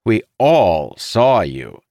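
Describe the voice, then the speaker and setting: A man voicing a stolid, blunt young man in an audiobook, slow and flat-spoken above his own deep voice. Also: no room sound, studio quality, exaggerated voice. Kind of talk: audiobook character voice.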